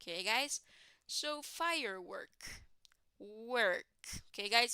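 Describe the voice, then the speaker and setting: A woman's voice: a little high, lively intonation, slow pace, bright, forceful tone, clear, resonant tone, no room sound. A woman teaching an English class online, patiently explaining and constantly checking in with "right, guys?". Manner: encouraging, explains patiently, repeats key words.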